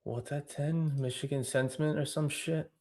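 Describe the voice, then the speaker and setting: A man's voice: fairly high pitch, steady tone, normal speed, a little mellow. A man co-hosting a live trading stream, talking plainly and matter-of-factly about markets, with mild swearing. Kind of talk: casual live-stream chat.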